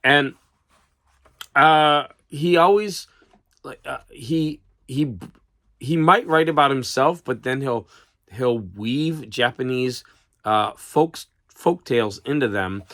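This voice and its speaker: A man chatting casually about books in a rambling, halting way, with a cough, on a close mic. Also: medium pitch, fairly bright tone, dry recording. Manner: rambling, halting, with many restarts and fillers. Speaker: vlogger. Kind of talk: casual book chat.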